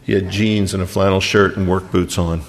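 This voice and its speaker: A man preaching a sermon and retelling a scripture story, dropping to a hush and then rising to emphatic peaks. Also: low voice, level tone, normal speed, background noise. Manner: storytelling, wide swings from hushed to emphatic.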